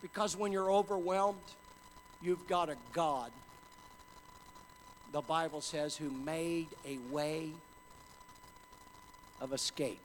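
A man preaching a sermon with passion, dropping to a hush and then building up to shouts. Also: fairly high pitch, steady tone, takes it slowly, pauses often, a little hiss or hum. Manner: impassioned, swings from hushed to shouting. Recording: hall reverb with faint ambience.

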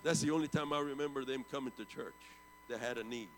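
A man in his seventies preaching a storytelling sermon, swinging from loud bursts down to hushed, low tones. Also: fast talker, big-room sound, slight background noise, low-quality recording. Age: 70s.

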